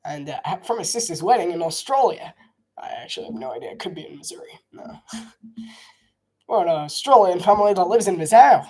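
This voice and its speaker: Chatting casually about live football, offering play-by-play and opinions, this man speaks in a high, animated, brisk voice with a breathy edge. He wanders, says things twice, frequently restarts sentences, and coughs a lot.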